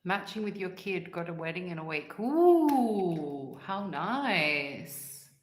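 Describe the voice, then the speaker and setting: Woman livestream host, low voice, unhurried and rambling, chatty with frequent laughs; echoey room. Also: very animated. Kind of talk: casual chat answering live comments.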